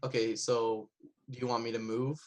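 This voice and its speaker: A man playing a tabletop game, excited and scheming, thinking aloud about his next move. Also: mid-range voice, moderate pace. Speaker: player. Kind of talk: casual tabletop play.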